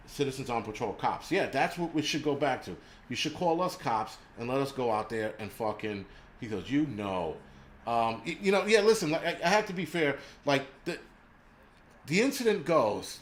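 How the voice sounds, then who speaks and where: A man hosting his own vlog, telling stories and ranting in a profane, animated way. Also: fairly high pitch. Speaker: prepper channel host.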